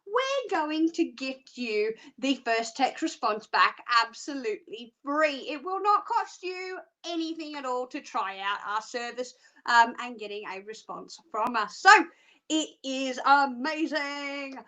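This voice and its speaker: Woman, from Australia, phone-in presenter, chatty and self-mocking, high bright voice. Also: animated, measured pace. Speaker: psychic show presenter. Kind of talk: live phone-in show presenting.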